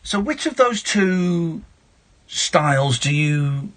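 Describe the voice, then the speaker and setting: Animated radio host. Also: male voice, a little high, slow. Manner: shouty, mock-outraged, then soft and reflective. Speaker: radio talk show host. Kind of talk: late-night phone-in radio.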